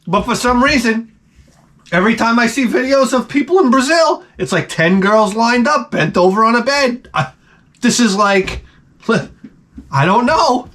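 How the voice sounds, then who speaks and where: A man with a high voice gives blunt, crude relationship advice in a rambling comic monologue. He drifts from point to point and slips into the voices of the people he describes. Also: lively intonation, unhurried, a bit bright. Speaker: advice vlogger.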